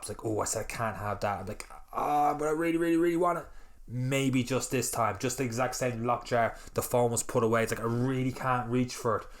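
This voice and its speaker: A man talking casually on a podcast, rambling and animated, acting out little quoted exchanges. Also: mid-range voice. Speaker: podcast host.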